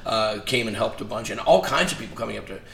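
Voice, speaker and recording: Deep-ish guy telling a story, acts out what everyone said, echoey room w/ a bit of hiss. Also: quick pace, vocal fry. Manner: animated storyteller, acts out quoted dialogue. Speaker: interview guest. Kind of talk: casual storytelling in conversation. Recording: echoey room with faint noise.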